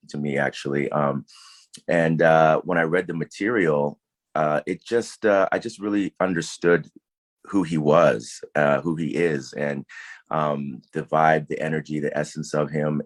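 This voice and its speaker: Very deep-voiced actor talking warmly. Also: male voice, no room sound. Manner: thoughtful, many fillers and restarts. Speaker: actor, interview guest. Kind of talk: casual interview answers.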